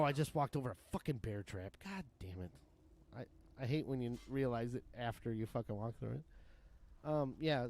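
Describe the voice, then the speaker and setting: Casual, profane game commentary comes from a streamer in his thirties or forties, his mid-range voice slightly mellow. He rambles loosely and breaks into laughter again and again.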